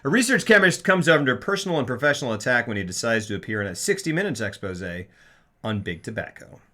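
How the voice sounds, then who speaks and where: A man's voice: mid-range voice, big pitch swings, quick pace, pushed and bright. A man co-hosting a live film discussion stream, chatting casually in a jokey, rambling way with frequent restarts. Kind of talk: casual chat.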